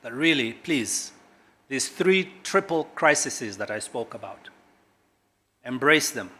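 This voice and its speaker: A middle-aged man giving a public speech as a government official, emphatic and dramatic, with big swings in pitch and loudness and long pauses. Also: sing-song. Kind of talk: public speech at a corporate launch.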